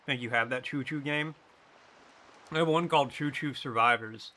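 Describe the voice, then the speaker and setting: A man's voice: medium pitch, normal speed, sharp tone. A man joking and riffing with his chat while playing a video game on a stream. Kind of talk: casual gaming stream chat.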